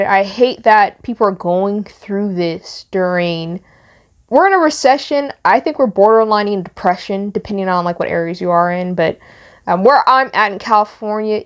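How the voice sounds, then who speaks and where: A woman's voice: medium pitch, clear, resonant tone. Emotional young woman vlogger. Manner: emotional, rambling with restarts. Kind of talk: casual commentary.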